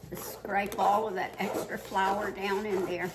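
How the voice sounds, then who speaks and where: A woman's voice: mid-range voice, little pitch movement, a little slow, noisy background. An older woman from the Ozarks, rambling through a casual cooking demonstration in her home kitchen while out of breath. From Ozarks, Missouri. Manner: rambling, chatty, many fillers.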